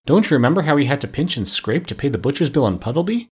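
A man voicing a fussy, bossy female duck housekeeper in a storybook reading, scolding briskly. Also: mid-range voice, big pitch swings, a little mellow, breathy edge.

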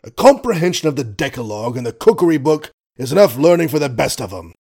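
Gruff, blustering old colonel, put on by a male audiobook reader; indignant and old-fashioned. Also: on the high side, big pitch swings, quick pace, mellow, exaggerated voice. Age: older.

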